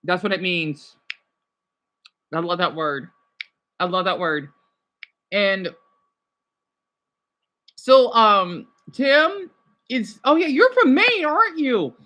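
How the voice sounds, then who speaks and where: A woman's voice: medium pitch, big pitch swings, slow, pauses often, sharp tone. A woman hosting a livestream, chatting casually with viewers and often restarting and correcting herself. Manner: rambling, restarts and self-corrections. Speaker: livestream host.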